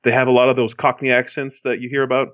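A man from Miami chats casually as a podcast co-host. He rambles, full of fillers and restarts. His voice sits at an ordinary middle pitch and comes through a dull, lo-fi recording. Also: flat delivery, fast, a bit bright, no echo. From Miami, Florida. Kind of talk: casual chat. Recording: dull lo-fi sound.

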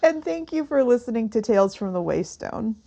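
A woman's voice: fairly high pitch, sing-song, fairly quick, vocal fry, mellow. A woman co-hosting a podcast in casual chat, laughing often as she talks. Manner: giggly, breaks into laughter often. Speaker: podcast co-host.

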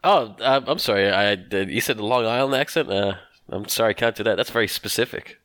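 A man's voice: on the low side, fast, dry recording. A man co-hosting a podcast, joking through casual banter. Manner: joking, animated. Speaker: podcast co-host.

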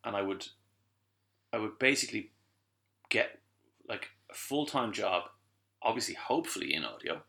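A man's voice: lowish voice, very animated, moderate pace, gravelly, long pauses, bright, forceful tone. A middle-aged Irish man, a guest who is a voice actor and musician, telling a story in a casual podcast chat and acting out the people he quotes.

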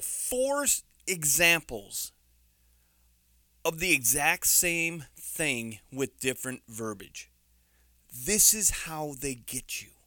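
A man's voice: on the high side, pushed and bright, dry recording, clean studio sound. A man with a New York accent giving an indignant, sarcastic opinion commentary, stressing his words hard.

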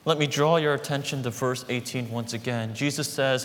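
A man preaching a sermon as pastor, emphatic, repeating phrases and slowing down on key words. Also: medium pitch, steady tone. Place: church hall. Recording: reverberant hall with faint background noise.

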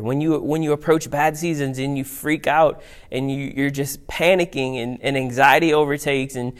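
A man preaching a sermon in an animated, conversational way, reading scripture aloud. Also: a little high. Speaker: pastor.

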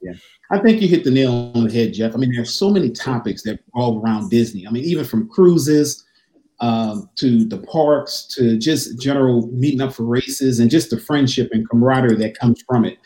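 A man co-hosting a casual podcast in a mellow, darker voice, with a roomy echo around him. He talks in an easygoing, rambling way and laughs at his own jokes. His pitch is ordinary for a man. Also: moderate pace. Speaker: podcast co-host. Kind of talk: casual chat.

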